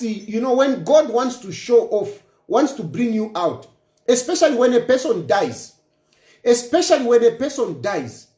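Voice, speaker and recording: A man's voice: extremely high pitch, a little mellow. A man delivering an impassioned political rant, emphatic and taunting, hammering points home by repeating them. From Zambia. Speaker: political commentator. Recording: roomy echo.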